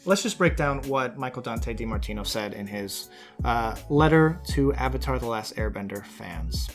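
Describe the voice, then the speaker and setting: A man's voice: mid-range voice, animated, moderate pace, faint music behind. A man hosting a commentary video, talking casually with fillers and restarts as he reads out and reacts to a letter. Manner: conversational with frequent fillers and restarts.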